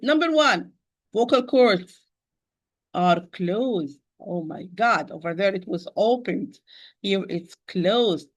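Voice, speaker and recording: A woman's voice: fairly high pitch, a bit bright. A woman teaching Quran recitation in an online lesson, patiently repeating points and addressing her listeners as dear sister.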